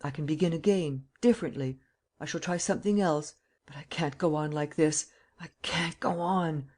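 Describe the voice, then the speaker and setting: An audiobook reader voicing a proud, cool-headed gentleman thief in a prison cell, polite and ironic. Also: mid-range voice, moderate pace, close to an everyday voice. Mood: desperate. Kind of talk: audiobook character reading.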